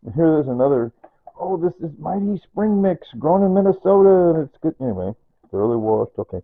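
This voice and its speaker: A man's voice: on the high side, sing-song, a little fast, narrow, tinny audio. A man chatting loosely while cooking in his home kitchen, rambling and repeating himself as he explains each step. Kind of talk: unscripted cooking video chat.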